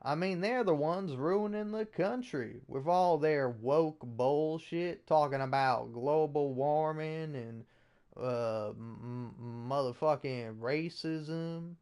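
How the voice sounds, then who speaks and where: A man's voice: a little high, slow pace, darkish tone, smooth. A man putting on a swaggering Southern redneck. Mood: smug. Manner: crude, swaggering, profane. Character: boastful loudmouth redneck man, proudly ignorant.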